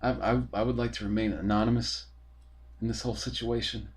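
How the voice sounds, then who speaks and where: A man's voice: lowish voice, steady tone, a little fast. A man hosting a podcast from his apartment, ranting in a rambling, profane and exasperated way. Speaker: podcast host. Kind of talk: casual ranting monologue.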